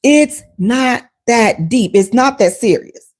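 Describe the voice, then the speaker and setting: Animated storytelling woman host. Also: a little high, slow pace. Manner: animated, expressive storyteller acting out exchanges. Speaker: radio show host. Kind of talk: casual monologue.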